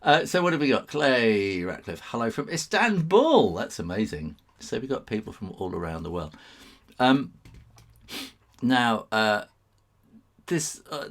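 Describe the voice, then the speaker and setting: A middle-aged man, hosting a casual live drawing stream and chatting with viewers in a rambling, chuckling way. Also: fairly low pitch. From England.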